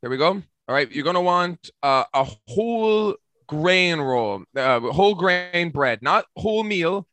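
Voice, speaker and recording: An Irish man in young adulthood, a comedian guest telling a story on a casual podcast with deadpan mock seriousness. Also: on the high side, unhurried, few pauses, dry recording.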